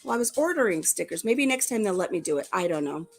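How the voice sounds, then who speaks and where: A woman's voice: fairly low pitch, very animated, fast talker, gravelly, soft background music. An older woman hosting a casual live-stream chat, chatty and laughing easily at herself. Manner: chatty, laughing, self-deprecating. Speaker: vlog host.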